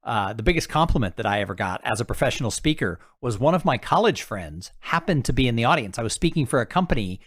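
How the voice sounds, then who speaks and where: A male podcast host who talks in a conversational way and shares his own stories. His pitch moves up and down in a lively way. The sound is dry and close. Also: fast talker, hardly any pauses, husky, no echo. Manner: conversational, relates personal anecdotes. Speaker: podcast host, professional speaker. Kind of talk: podcast interview.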